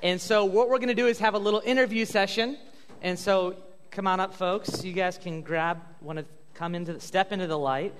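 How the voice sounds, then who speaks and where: A pastor on a church stage interviewing guests in an upbeat, joking way, halting with fillers. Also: male voice, sits high, steady tone. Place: church sanctuary. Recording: long hall reverb.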